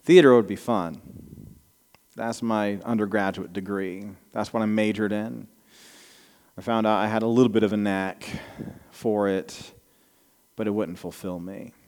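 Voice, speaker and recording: A man's voice: lowish voice, fairly even intonation, a little slow, a little mellow. A man in his thirties preaching a sermon to a congregation, telling personal stories in a conversational, self-deprecating way with a slight Southern American accent. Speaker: pastor. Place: church sanctuary before a congregation. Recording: long reverb of a large hall.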